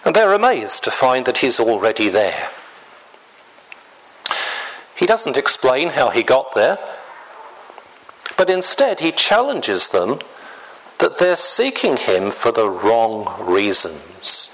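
Slow, lively preaching man. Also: medium pitch, rough recording. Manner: slow, deliberate preaching with clearing of the throat. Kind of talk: sermon.

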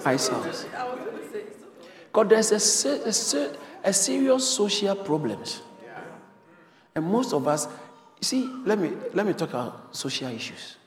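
A man's voice: high voice, sing-song, a little slow, long pauses. A man preaching a sermon as pastor, emphatic and repeating phrases for stress. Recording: reverberant hall.

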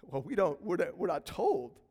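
Man, pastor, lively conversational sermon, high-pitched, long church-hall reverb. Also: normal speed, husky. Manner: lively, conversational preaching with big swings in loudness. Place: church sanctuary.

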